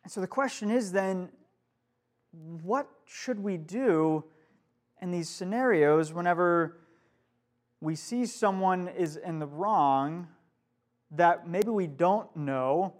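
A man's voice: high voice, slow, pauses often. A young man, a youth pastor, giving a casual youth group sermon to a live room, asking the listeners questions as he goes.

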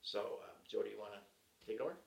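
Male podcast host, gravelly and bright, playful banter, roomy living-room sound from off the mic. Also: lowish voice, fast, far from the mic. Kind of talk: casual chat.

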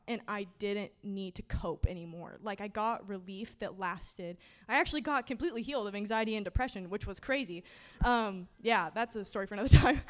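A young woman tells her faith story to a church congregation. She talks in a casual, earnest way, filling her speech with "like" and "y'all" and laughing often. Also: a little high. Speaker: church member sharing testimony. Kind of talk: personal testimony to a church congregation.

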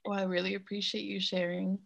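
A woman co-hosting a podcast, speaking softly and supportively before starting her own story. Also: mid-range voice, little pitch movement, a little fast, gravelly. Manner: supportive, soft-spoken listener. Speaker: podcast co-host. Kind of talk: casual podcast chat.

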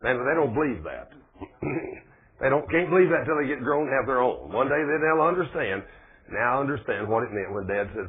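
A man's voice: medium pitch, animated, a little fast, slightly rough. A man preaching a folksy sermon, asking his congregation questions. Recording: tinny phone-like radio broadcast.

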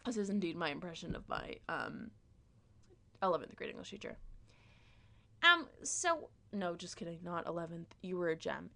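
A woman's voice: fairly low pitch, big pitch swings, normal speed, creaky, long pauses, pushed and bright. A woman delivering a rambling, self-deprecating comedic monologue, full of "like" and restarts.

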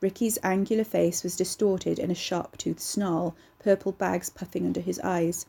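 Mellow, husky woman reading an audiobook. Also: on the low side, little pitch movement, moderate pace. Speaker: narrator. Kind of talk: audiobook narration.

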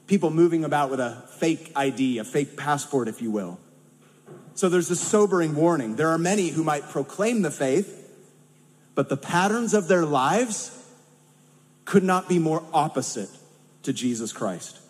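A man's voice: a little high, a little mellow. A man from California with a Californian accent, preaching a sermon in a conversational way with humorous asides. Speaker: pastor. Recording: long hall reverb.

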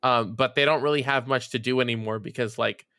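Bright, rambling, casually swearing man. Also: mid-range voice, fairly even intonation, brisk, smooth, no room sound, studio quality. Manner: rambling storytelling, swears freely, many fillers. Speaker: podcast co-host. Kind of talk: casual chat.

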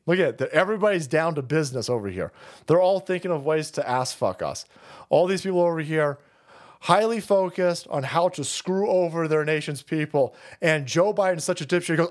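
A man's voice: a little high, animated, fairly quick. A man hosting a livestream, ranting in a foul-mouthed, mocking way. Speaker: livestream host. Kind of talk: profane political rant.

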